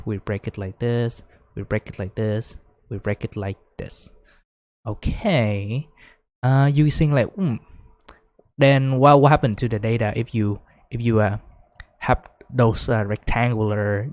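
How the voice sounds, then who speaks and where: A man giving a casual whiteboard lecture, full of fillers like "right?", growing excited as he explains. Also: on the low side, no room sound. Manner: chatty, many fillers, rising excitement when explaining. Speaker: teacher.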